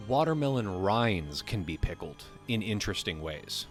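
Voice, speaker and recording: A man's voice: fairly low pitch, sing-song, normal speed, hardly any pauses, faint music behind. A man hosting a live stream, reading a text aloud and breaking off into joking, casually profane asides to his chat. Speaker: livestream host.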